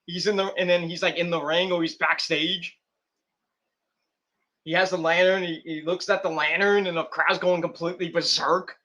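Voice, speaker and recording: A young man hosting a wrestling stream, rambling in casual commentary and acting out scenes with quick put-on voices. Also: sits high, level tone, bright, forceful tone.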